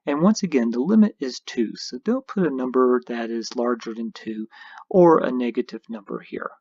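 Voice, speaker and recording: Husky-voiced man explaining step by step. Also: medium pitch, lively intonation, normal speed, darkish tone, dry recording, highs cut off. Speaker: instructor. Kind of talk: screencast tutorial narration.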